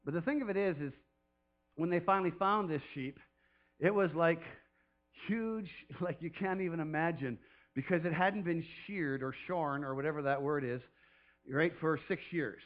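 A man's voice: a little high, normal speed, highs cut off. A man preaching a sermon off the cuff as a pastor, chatty and rambling, who often laughs and throws in playful calls.

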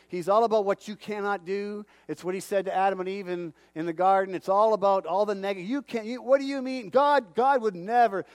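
High-voiced man preaching, dry sound. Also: no echo. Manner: animated, calls out to the congregation. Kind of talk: sermon.

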